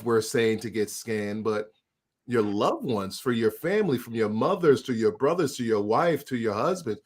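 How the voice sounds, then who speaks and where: Male co-host, earnest interviewer. Stumbling starts, gentle pleading tone; medium voice. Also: mid-range voice. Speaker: podcast co-host.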